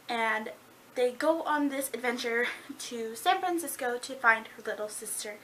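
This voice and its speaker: Young woman, high voice, bright tone, bubbly, giggly, casual book review vlog. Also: a little hiss or hum. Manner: bubbly, giggly, fast, lots of "like".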